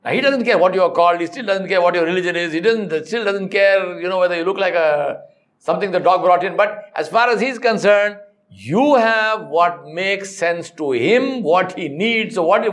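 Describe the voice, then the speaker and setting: A man's voice: high-pitched, lively intonation, moderate pace, a bit bright. A man gives a classroom lecture as a trainer, emphatic and blunt, full of rhetorical questions and stories. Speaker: corporate trainer.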